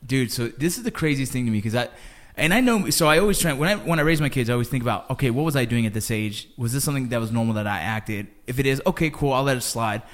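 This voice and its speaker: Brief: middle-aged male podcast host, lively casual storyteller, mid-pitched, calls everyone bro and dude. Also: fast. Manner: animated storyteller, says bro and dude a lot. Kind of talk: casual chat.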